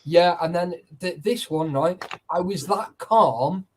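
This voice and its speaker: A man telling a story in casual chat, animated and full of swearing. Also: sits high, slow, a little hiss or hum. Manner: animated, heavy swearing, acts out quotes. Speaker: urban explorer telling a story.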